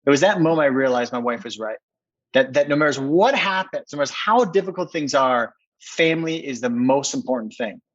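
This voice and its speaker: A man's voice: mid-range voice, lively intonation, brisk, a bit bright, dull audio. A middle-aged man from Minneapolis telling a personal story as a podcast guest, earnest and emphatic, often restarting his sentences. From Minneapolis, USA.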